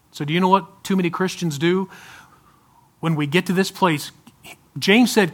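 A man preaching a sermon to a congregation, swinging from loud urging to soft, pleading asides. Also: high voice, steady tone, moderate pace, pauses often. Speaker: pastor.

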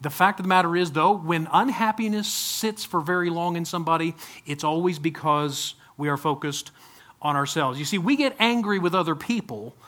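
Bright, high-voiced man preaching. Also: normal speed. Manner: conversational, asks the congregation questions. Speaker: pastor. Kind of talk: sermon.

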